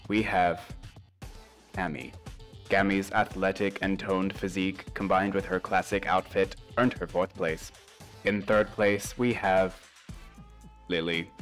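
A monotone robot AI announcer, voiced by a man with no feeling at all. The voice sits low and hushed and reads a countdown slowly and evenly. It stays deadpan throughout. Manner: slow, monotone, announcing a ranking. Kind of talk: mock robot voice reading a countdown.

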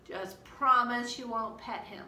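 Brief: worried young boy in a storybook, pleading and insistent, read by a woman, slow delivery. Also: fairly high pitch, sharp tone, roomy sound, far from the mic, a little hiss or hum.

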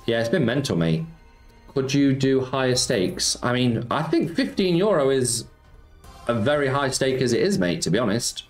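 This medium-pitched man has a sing-song delivery at normal speed while hosting a laid-back slots live stream. He talks with viewers, reading their messages aloud and answering, with plenty of "mate." The recording is echoey with music behind.

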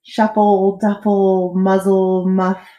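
A woman's voice: medium pitch, level tone, slow, warm tone, natural voice. Woman voicing a proud old king, pompous, bellowing, storybook, roomy echo. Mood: groaning. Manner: commanding, bellowing. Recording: echoey room.

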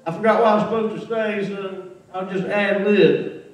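A man doing profane, rambling stand-up on a stage in front of a large crowd, shouting his punchlines. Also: high voice, steady tone, normal speed. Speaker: stand-up comedian. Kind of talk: stand-up storytelling. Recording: echoey live venue, distant mic, noisy.

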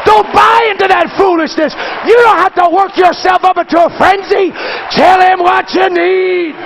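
A man preaching a fiery revival sermon to a congregation, shouting in an impassioned, folksy way. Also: extremely high pitch, steady tone, moderate pace, gravelly, crowd noise, background noise. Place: church service before a congregation.

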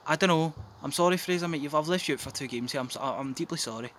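Excitable sweary young man. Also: on the high side, fast, a little hiss or hum. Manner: sweary, jokey, bursts into yelling. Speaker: gaming commentator. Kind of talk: excitable game commentary. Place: back garden outdoors.

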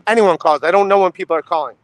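A man's voice: sits high, very fast, low-quality recording. A man who is a comedian guest, talking casually and brushing off concern in a dismissive way. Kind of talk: casual chat.

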